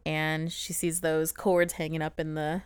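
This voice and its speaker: Giggly woman podcast co-host, lowish voice, smooth and clear, dry close sound. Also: flat delivery, measured pace, no room sound. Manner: giggly, laughs often. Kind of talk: casual chat recapping a TV episode.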